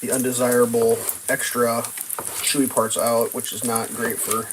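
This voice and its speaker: A woman hosting a casual livestream, ranting sarcastically and swearing while she cooks, jumping into high mocking voices. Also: level tone, moderate pace, slight background noise, low-quality recording. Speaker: livestream host. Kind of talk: casual political rant while cooking.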